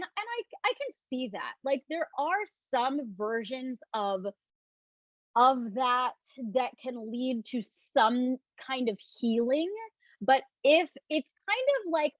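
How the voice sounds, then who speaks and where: Woman talk host, gentle and reflective, slightly high voice, dry lo-fi recording. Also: no echo. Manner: gentle, reflective, often mimics questioning tones. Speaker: self-love speaker hosting a live talk. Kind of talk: casual live talk, reading viewer comments.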